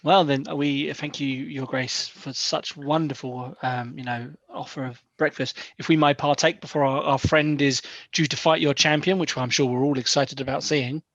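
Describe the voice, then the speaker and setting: A man's voice: mid-range voice, fairly even intonation, normal speed, hardly any pauses, a bit bright, no echo, highs cut off. A man playing a tabletop game, moving between polite in-character speech and casual chat. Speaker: player.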